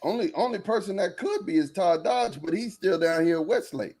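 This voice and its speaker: A man co-hosting a sports podcast, talking fast and loose, repeating phrases and jumping in over his partner. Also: high voice, expressive, darkish tone. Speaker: podcast co-host. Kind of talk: casual sports chat.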